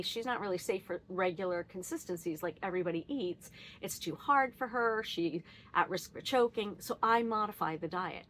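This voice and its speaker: A woman sharing a personal story in a casual, reflective vlog, laughing often and acting out what she said and thought. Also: fairly low pitch. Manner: candid and animated, laughs often, quotes herself; frequent fillers and restarts, thinking aloud.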